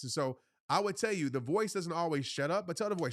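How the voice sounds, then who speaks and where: A man's voice: on the high side, lively intonation, brisk, few pauses, dry recording, studio quality. A man in his thirties, a motivational speaker giving earnest, casual answers to viewers on a live stream, repeating his points and calling them y'all.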